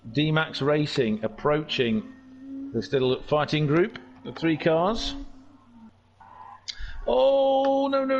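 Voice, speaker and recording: A man's voice: a little high, lo-fi sound. Chatty, jokey male race commentator. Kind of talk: casual sim racing commentary.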